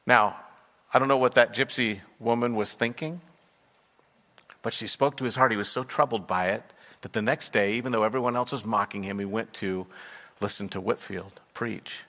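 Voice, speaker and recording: A man's voice: lowish voice, fairly even intonation, moderate pace, bright, forceful tone. Earnest male pastor in a reverberant hall. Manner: earnest, storytelling with quoted voices, rising fervent in prayer. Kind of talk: sermon storytelling and prayer. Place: church sanctuary.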